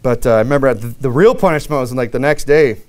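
A man's voice: medium pitch, fast, darkish tone. A man preaching a sermon through a long personal story, loose and conversational, with many fillers, restarts and wry self-mocking humor.

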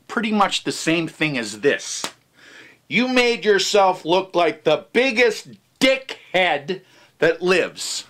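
A man's voice: high voice, very animated, takes it slowly, a bit bright. A man doing a comic, profane rant to camera, brash and mocking. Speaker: vlogger.

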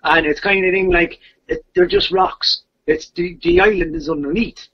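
A man's voice: high voice, wildly swooping pitch, moderate pace, vocal fry, a little hiss or hum. A man telling a legend in casual, rambling talk, with repeated fillers. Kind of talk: casual storytelling. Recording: dull lo-fi podcast audio.

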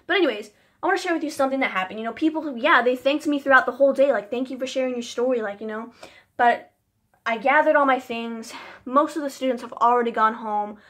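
A woman's voice: sits high, fast talker, a bit bright. A young woman vlogging casually, telling a personal story in a chatty, emotional way with lots of "like" fillers.

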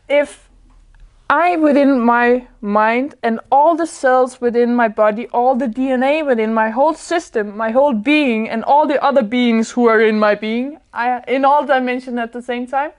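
This woman's voice sits on the high side and moves at a measured pace as she gives a casual spiritual talk to a small group indoors. She sounds sincere, frequently reaching for words and breaking into laughter.

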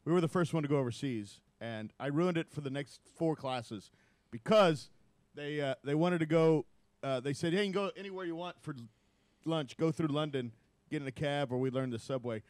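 A man's voice: on the high side, brisk, a little mellow, dry recording. Profane man telling stories. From United States. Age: 50s. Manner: profane, rambling anecdotes. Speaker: podcast host. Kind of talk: casual storytelling chat.

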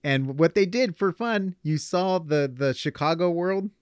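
Young man, podcast host, casual chat, fairly high voice, dry close sound. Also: clean tone, dry recording. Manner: animated, quick asides and laughs.

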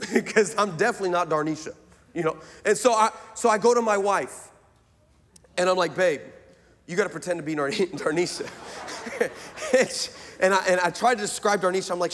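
Male pastor, high voice, lively comic sermon storyteller, big hall reverb. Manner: animated, fast, bursts into excited shouts.

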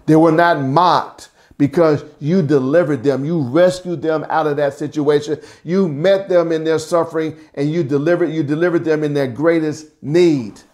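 Male pastor, middle-aged, slightly higher-pitched voice; a sermon teaching that restates each verse slowly. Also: steady tone, darkish tone. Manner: repeats and rephrases lines, slows down to stress scripture.

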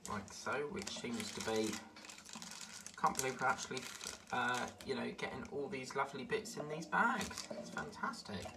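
A man casually chatting through an unboxing of model parts, rambling and easily delighted. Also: medium pitch. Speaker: model-building vlogger. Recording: distant mic with clear background noise.

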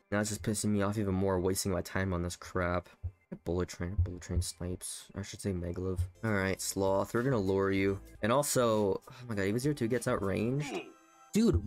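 A young man streaming a video game, ranting angrily about a stage and swinging from low muttering to loud outbursts. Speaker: gaming streamer. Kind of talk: frustrated live gameplay commentary.

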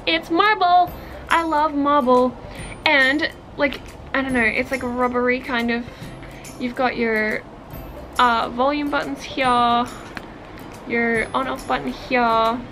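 A young woman unboxing products for her vlog, gushing and excitable, gasping and exclaiming as she opens each package. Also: sits high, rough recording. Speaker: vlogger. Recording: faint music behind.

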